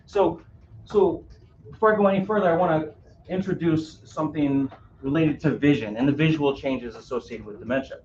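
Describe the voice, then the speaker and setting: A man's voice: a little high, darkish tone, a little hiss or hum. A man presenting a caregiving workshop to a live audience on a cruise ship, engaging the room with questions and a frequent "right?". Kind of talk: live interactive workshop talk. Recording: roomy, distant, dull audio.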